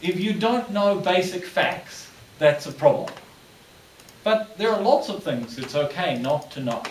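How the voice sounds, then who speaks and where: A man's voice: high-pitched, lively intonation, measured pace, distant mic, slight background noise. Patient male lecturer in an echoey room. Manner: patient, plain instructive delivery. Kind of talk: classroom lecture.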